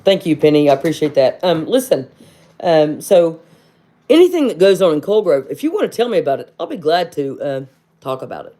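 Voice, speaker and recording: A middle-aged woman hosts a casual livestream, rambling and chatty, calling viewers honey and firing off rhetorical questions. Her voice is deep and dark-toned, brisk, with big swings in pitch.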